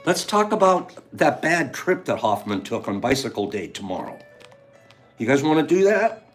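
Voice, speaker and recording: A man's voice: mid-range voice, sing-song, moderate pace, soft background music. A man hosting a casual livestream, chatting playfully and teasing his viewers. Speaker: livestream host.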